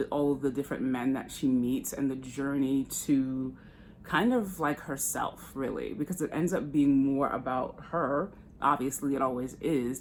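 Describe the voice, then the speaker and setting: A woman's voice: very deep voice, darkish tone, a little hiss or hum. An American woman chatting candidly while getting ready on camera, swearing casually. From United States. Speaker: beauty vlogger. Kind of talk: casual get-ready-with-me chat.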